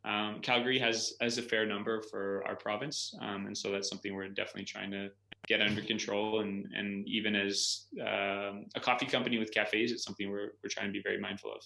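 A man's voice: lowish voice, little pitch movement, a little fast, gravelly, pushed and bright. A man, a guest on a podcast interview, easygoing and prone to repeating his words. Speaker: guest, coffee roaster. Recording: roomy echo.

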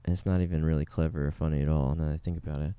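A man's voice: very deep voice, little pitch movement, rapid-fire, dark tone, smooth, no room sound. A man hosting a casual podcast chat, rambling and laid-back, swearing casually, on a studio podcast microphone. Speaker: podcast host.

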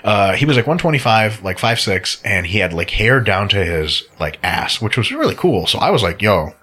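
A man's voice: on the low side, very animated, normal speed, pushed and bright, breathy edge. A man co-hosting a podcast, telling a gym story in a laid-back, profane way. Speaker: podcast host. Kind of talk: casual chat.

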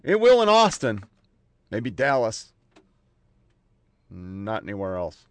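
A man hosting a political commentary show, sarcastic and profane, swinging between loud outbursts and low mutters. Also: huge pitch swings, slow pace, dry recording.

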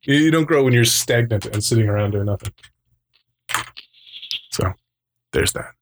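A man's voice: mid-range voice, moderate pace, a little hiss or hum. Chatty man telling a rambling story. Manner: rambling storyteller who acts out quoted voices; laughs often between remarks. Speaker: podcast co-host. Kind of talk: casual chat.

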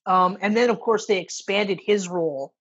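A woman in a relaxed film chat, swearing freely and acting out lines from the movie. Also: medium pitch, normal speed, breathy edge, highs cut off. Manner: casual, swears often, acts out movie lines. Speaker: podcast co-host. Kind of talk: casual movie review chat.

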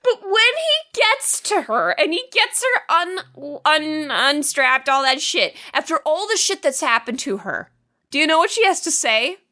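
A woman co-host talks through a horror film in casual chat. Her voice is high and bright and swoops all over the place. She swears freely and plays out the characters' lines as she goes. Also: very animated, a little slow. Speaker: podcast co-host.

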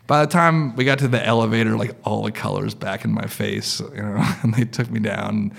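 A man in his thirties or forties spins a personal story for a live crowd, loose and chatty, leaning on fillers. His voice has a gravelly fry running under it. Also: on the low side, fairly even intonation, moderate pace. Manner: loose and conversational, full of "like" and "you know".

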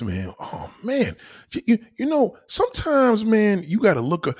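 A man delivering a crude, profane comedic rant to his viewers, swinging between low mutters and loud high exclaims. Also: wildly swooping pitch, normal speed, husky. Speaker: vlogger ranting to camera.

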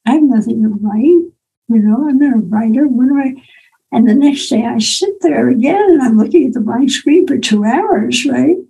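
Older woman, author telling her own story, a bit high, gravelly edge, acts out dialogue. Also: warm tone, low-quality recording. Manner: personal, anecdotal, acts out quoted dialogue. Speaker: author and speaker. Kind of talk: storytelling talk.

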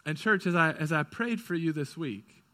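A male pastor preaching a sermon, moving from quick, urgent stretches to hushed, slow ones. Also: fairly high pitch, expressive.

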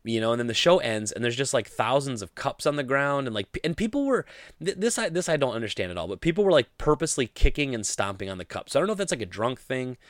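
A young man vlogging, telling a story in a rambling, animated way full of "like" fillers. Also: medium pitch, fast talker, dry recording, studio quality. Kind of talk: casual storytelling to camera.

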